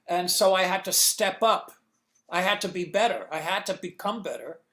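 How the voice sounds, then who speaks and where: A man guest in an interview on a video call, answering in a halting way with many restarts as he searches for words. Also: sits high, bright, forceful tone. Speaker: comics inker, guest.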